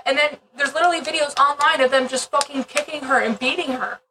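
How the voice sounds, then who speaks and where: A blunt woman co-host with a fairly high voice who swears freely and wanders into rambling asides. She sits a little back from the microphone, and a faint hiss runs underneath her voice. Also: fairly even intonation, fast, far from the mic. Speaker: podcast co-host. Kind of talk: casual chat.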